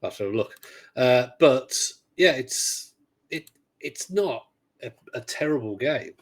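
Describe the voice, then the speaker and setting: Male podcast co-host, mid pitch, loose rambling chat with dry sarcasm. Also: lively intonation, a little slow. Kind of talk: casual chat.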